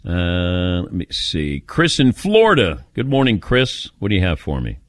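A man's voice: low voice, normal speed, no room sound. A middle-aged man hosting a call-in radio show in casual, joking chat. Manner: lively, joking, animated.

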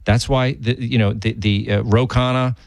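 A mid-pitched man chats about politics with a loose, rambling delivery. His voice leaps upward whenever he presses a point. The sound is close and dry, with no room around it. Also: normal speed, creaky, no echo. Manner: animated, rambling, pitch jumps up when emphatic. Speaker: co-host. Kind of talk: casual political chat.

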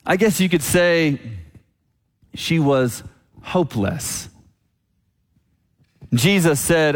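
A man preaching a sermon as pastor, telling a story and slowing down on key lines. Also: medium pitch, animated. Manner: storytelling, slows down for emphasis. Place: church sanctuary. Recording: long church reverb.

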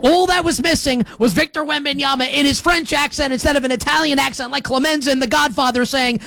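A man's voice: steady tone, quick pace, creaky, hardly any pauses, sharp tone. Guy ranting on a sports show, sarcastic and punchy, dry close sound, no room echo. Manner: sarcastic, emphatic, with big swings in pitch and pace. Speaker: sports talk show host. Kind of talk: opinionated sports commentary.

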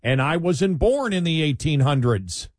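A male talk radio host with a slightly husky voice, recorded dry and close in the studio. He rambles through casual banter, repeating words as he goes and laughing lightly between his thoughts. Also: a little high, big pitch swings, a little slow, darkish tone, dry recording.

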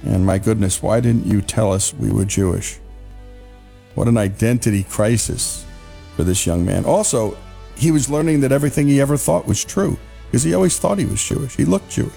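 Radio host guy, earnest and emphatic, low warm voice w/ quiet music behind. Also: normal speed, gravelly. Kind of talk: radio narration.

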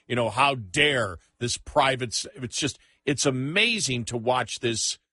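Bright-voiced, incredulous male radio host. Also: medium pitch, a little slow, breathy edge, dry recording. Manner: animated, incredulous, stammering restarts. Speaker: radio talk show host. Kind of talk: casual political talk radio chat.

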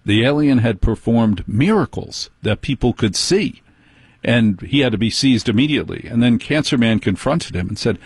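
A man hosting a late-night call-in radio show, leaning into a persuasive, conspiratorial tone. His voice is slightly husky. It is close and dry on a studio microphone. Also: medium pitch, animated, normal speed, no echo.

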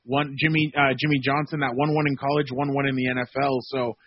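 A male sports reporter calling in as a guest on a radio show, talking in a rambling, animated way with many fillers. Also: medium pitch, fast, slight background noise. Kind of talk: phone-in radio interview. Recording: dull, dry lo-fi guest line.

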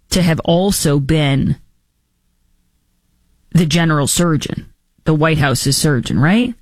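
A woman hosting a talk show with sarcastic political commentary, mocking and animated, jumping into quick impressions. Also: low voice, dry recording.

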